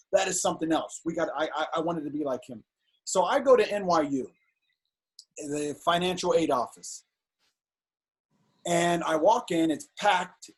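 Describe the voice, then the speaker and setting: A middle-aged man, a filmmaker guest on an interview show, telling animated, indignant stories in casual talk. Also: on the high side, breathy edge. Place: home on a video call.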